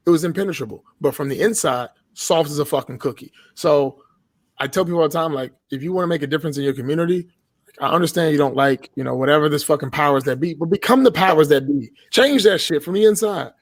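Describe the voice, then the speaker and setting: A man's voice: on the high side, fast talker, no echo. Profane, emphatic man, dry sound. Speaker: podcast guest. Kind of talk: casual podcast chat.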